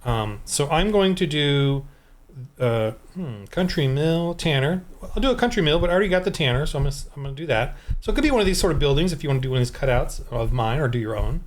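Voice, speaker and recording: Higher-voiced man thinking aloud over dice rolls. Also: expressive, fast talker. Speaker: tabletop game designer. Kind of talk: casual solo game-prep walkthrough. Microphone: desk microphone.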